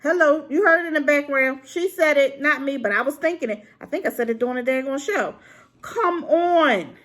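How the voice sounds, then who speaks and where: Fast-talking, with a high and fairly bright voice, this woman rants about a drama to camera. It's a rambling, unscripted and unedited review, packed with exclamations directed at her audience.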